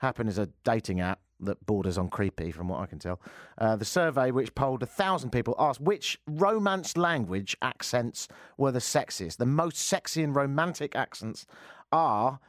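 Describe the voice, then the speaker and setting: A male talk radio host who chats in a joking, teasing way. His pitch moves around in a lively way, and the studio microphone sounds dry and close. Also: moderate pace, dry recording. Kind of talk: casual talk radio chat.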